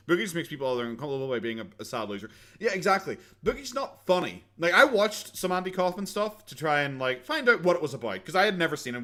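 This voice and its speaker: Fast, bright-voiced Irish man streaming. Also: on the high side. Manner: sarcastic, swears freely, stammers and restarts. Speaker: streamer hosting a watchalong. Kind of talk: casual live-stream commentary. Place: at home, late at night.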